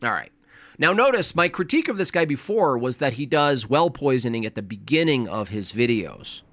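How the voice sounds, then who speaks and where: A man's voice: mid-range voice, very animated, moderate pace, fairly bright tone, no room sound. A man hosting a live stream, reacting to a debate clip in casual chat with a mocking, sarcastic manner.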